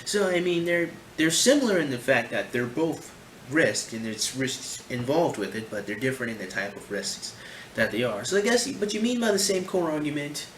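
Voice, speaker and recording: A man's voice: on the high side, normal speed. Rambling man in an echoey room. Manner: rambling, animated, heavy on fillers like "you know" and "my friend". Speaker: channel host reacting to videos. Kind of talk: casual commentary. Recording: echoey room with faint noise.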